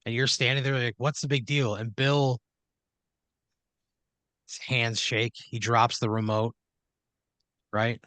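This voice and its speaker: A man's voice: medium pitch, flat delivery, slow pace, long pauses, a bit bright, dry recording. Man spinning a profane improvised tale. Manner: rambling, profane, second-person narration with restarts. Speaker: podcast host telling an improvised story. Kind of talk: improvised comedic storytelling.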